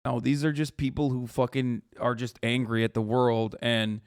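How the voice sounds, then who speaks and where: A man's voice: mid-range voice, little pitch movement, moderate pace, clean tone, dry recording, studio quality. A man in his thirties, a live streamer, ranting sarcastically with heavy swearing in casual commentary.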